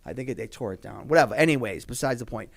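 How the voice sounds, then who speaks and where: A man's voice: medium pitch, animated, racing, vocal fry. A young man, a podcast guest in casual talk, rambling with many fillers and heavy swearing.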